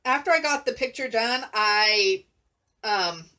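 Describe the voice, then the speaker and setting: Woman, casual art vlogger, slow and high, rambling with lots of ums. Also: pushed and bright. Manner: rambling, hesitant, frequent ums and restarts. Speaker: art channel creator. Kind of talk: casual drawing commentary.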